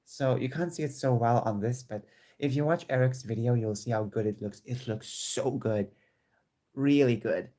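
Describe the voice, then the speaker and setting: A man talking casually to his viewers from home in a chatty, excitable way, often restarting his sentences. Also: mid-range voice, normal speed. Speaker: vlogger. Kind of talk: casual chat to camera. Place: home room with squeaky chairs.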